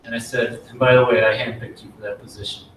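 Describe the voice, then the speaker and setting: A middle-aged man, an army officer, giving an earnest promotion speech and telling a folksy story with pauses and restarts. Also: medium pitch, flat delivery, far from the mic, a little hiss or hum. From United States. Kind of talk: ceremony speech with war story. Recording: very echoey hall, voice from afar.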